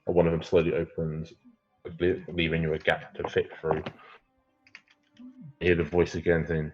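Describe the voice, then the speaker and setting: A man's voice: very deep voice, monotone, normal speed, pauses often, a little mellow, faint music behind. A man narrating a tabletop game as dungeon master, hesitant and full of fillers. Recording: muffled lo-fi stream audio.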